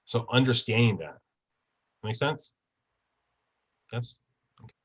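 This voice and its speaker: A man's voice: medium pitch, expressive, slow pace, breathy edge, low-quality recording. Man coaching over a video call. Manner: casual, peppers talk with tag questions. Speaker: real estate trainer. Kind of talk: conversational training talk on a video call.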